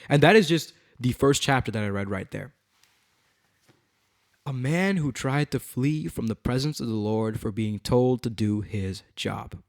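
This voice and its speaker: A man teaching on a Bible passage, reading it aloud with emphasis and breaking into casual, animated asides. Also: mid-range voice, a little slow, no room sound, clean studio sound.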